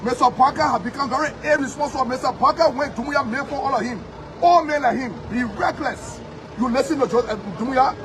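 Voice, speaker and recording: A man's voice: very high voice, a little fast, a crowd in the background. A Liberian man and politician giving a combative, repetitive street interview outdoors. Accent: Liberian English. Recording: crowded street with sirens and noise.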